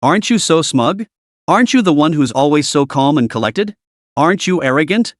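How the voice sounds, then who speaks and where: A cold, sadistic female interrogator taunts with a raised, lively voice, as a man puts her on. Her words drip with mockery. The sound is dry and close. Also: fairly high pitch, brisk, no room sound. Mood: cold mocking. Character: cruel mocking female security interrogator.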